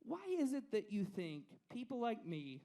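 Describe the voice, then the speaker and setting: A man hosting a live comedy-and-music show, loud and profane, joking with a bar audience. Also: sits high, big pitch swings, moderate pace. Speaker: host. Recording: live venue, crowd audible.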